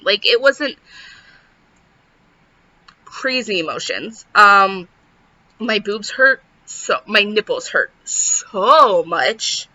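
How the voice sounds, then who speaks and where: A woman's voice: mid-range voice, sharp tone. A young pregnant woman vlogging in casual chat, rambling and saying "like" constantly. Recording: dull lo-fi sound.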